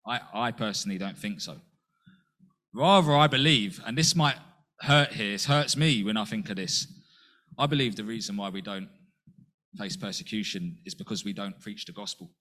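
A man preaching a sermon in an earnest way, asking rhetorical questions and jumping up in pitch to act out quotes. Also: normal speed, sharp tone.

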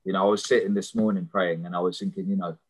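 A man's voice: low voice, fairly even intonation, quick pace, slightly rough, poor audio. Earnest conversational male preacher. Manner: earnest, conversational, often repeats words when starting a phrase. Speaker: preacher and prison missionary. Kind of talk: sermon with personal testimony.

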